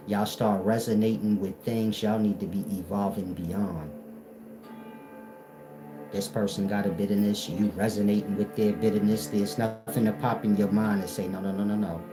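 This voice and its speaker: Low-voiced dude preaching hard in aave, scolding folks, music going under him. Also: male voice, rough recording. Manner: confrontational, lecturing, repetitive rhetorical questions. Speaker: spiritual teacher. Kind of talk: preaching monologue. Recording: music playing behind the voice.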